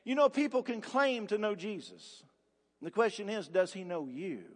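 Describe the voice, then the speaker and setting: A man with a high, light voice preaches a sermon from the pulpit, pressing his points with rhetorical questions and hammering repetitions. His words ring out with a long, lingering reverb from a large church hall. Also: expressive, moderate pace. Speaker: pastor. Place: church sanctuary.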